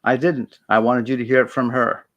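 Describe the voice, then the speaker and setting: A man's voice: medium pitch, flat delivery, fairly quick, fairly bright tone, lo-fi sound, close to an everyday voice. A man voicing a blunt, loyal male aide in a fantasy tabletop game.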